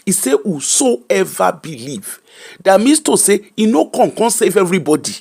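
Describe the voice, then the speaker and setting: A man's voice: high-pitched, sing-song, fast, darkish tone, slightly rough. A middle-aged Nigerian man with a Nigerian accent, hosting an emphatic, preacher-like commentary that mixes Pidgin and English. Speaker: host.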